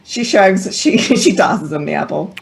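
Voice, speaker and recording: A woman's voice: mid-range voice, animated, measured pace, gravelly. A woman player in a tabletop game who describes her character's actions in the third person. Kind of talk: tabletop role-play.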